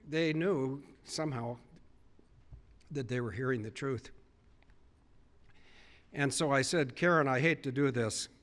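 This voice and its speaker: A man speaking to a live audience, earnestly retelling conversations with emphatic repetition. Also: mid-range voice. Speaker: public speaker. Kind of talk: storytelling speech to a live audience.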